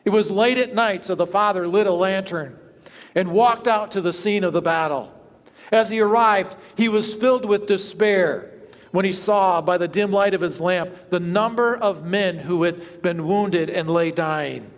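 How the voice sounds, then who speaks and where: A male pastor with a notably high voice delivers an earnest sermon. He tells stories and lets his voice sink to hushed tones for effect. The sound rings with the long reverb of a church. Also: a little slow. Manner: earnest, storytelling with hushed low moments. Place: church sanctuary.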